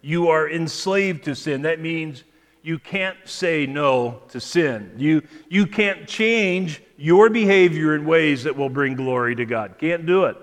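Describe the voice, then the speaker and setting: A pastor preaching a sermon in a measured way, often repeating words as he restarts a phrase. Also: a little high, big-room sound. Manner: measured preaching with frequent word repetitions and restarts. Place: church sanctuary.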